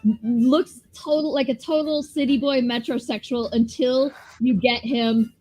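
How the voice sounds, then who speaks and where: Woman with a higher voice and a dry sound, teasing, laughing livestream co-host. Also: steady tone, a little slow, warm tone, no room sound, faint music behind, rough recording. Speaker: comic creator. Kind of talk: casual livestream chat.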